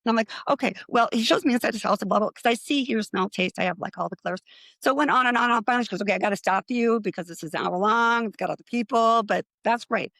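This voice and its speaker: A middle-aged woman tells her story as a podcast guest, slipping into other people's voices as she quotes them. Her voice carries a gravelly fry, and it sounds close and dry with no room around it. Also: a little high, fast talker, dry recording. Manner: animated anecdote-telling with acted-out quotes. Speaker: guest, psychic medium.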